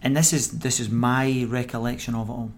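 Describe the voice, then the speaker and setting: A middle-aged former footballer with a Scottish accent guests on a podcast, briskly telling stories with lively energy. He acts out quoted voices and laughs often, his middle-pitched voice backed by a faint hum of noise.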